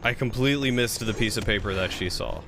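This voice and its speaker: A man's voice: on the low side, fast, background noise. A man streaming a game live, chatting casually and thinking aloud as he plays.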